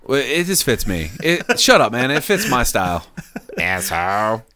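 A man's voice: medium pitch, huge pitch swings, moderate pace, pushed and bright, no echo. A man co-hosting a podcast in casual chat, crude and joking, swearing often. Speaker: podcast co-host.

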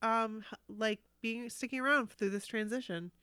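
A woman co-hosting a podcast in casual chat, her voice a bit high and smooth. The sound is dry and close. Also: fairly even intonation, normal speed, pushed and bright, no room sound. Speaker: podcast co-host.

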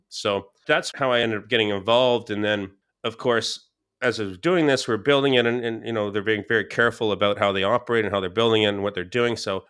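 Animated man telling family stories. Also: on the low side, clear, resonant tone. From Scottish and English family. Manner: animated, quotes people in raised voices, many restarts. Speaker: podcast guest. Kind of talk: casual storytelling.

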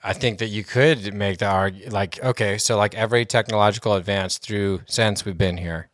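A man co-hosting a casual podcast in a somewhat low voice. He rambles loosely, full of "like" and restarts. The sound is dry and close. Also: steady tone, normal speed, no echo. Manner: rambling, filler-heavy, laid-back. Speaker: podcast co-host. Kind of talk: casual chat.

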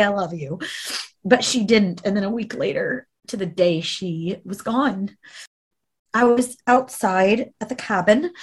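Earnest woman recounting a personal story. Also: a little high. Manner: earnest, conversational, with fillers and restarts. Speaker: interviewee.

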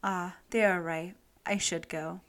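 A woman's voice: on the low side, fairly even intonation, unhurried. A woman voicing a lonely young male duckling in a storybook reading, meek and plaintive. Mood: sad.

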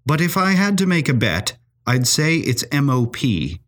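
A man voicing a reserved, blunt young woman medical student who speaks quietly and in clipped sentences. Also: a little high, big pitch swings, moderate pace, pitched above the performer's own voice. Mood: guarded. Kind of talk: storytelling acting.

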